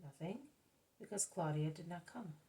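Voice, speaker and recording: A woman voicing a gentle male spiritual teacher who explains in a measured, patient way. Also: fairly low pitch, animated, low-quality recording. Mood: calm.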